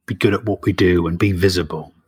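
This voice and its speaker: A man's voice: low voice, fairly even intonation, quick pace, darkish tone, husky. A man with a British accent, a guest author chatting on a podcast in a playful, teasing way over a remote call. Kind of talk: casual podcast chat.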